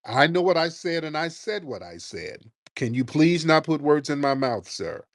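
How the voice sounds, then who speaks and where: A man's voice: a little high, sing-song, normal speed, dry recording, clean studio sound. A man hosting a call-in radio show who argues sharply and presses his caller.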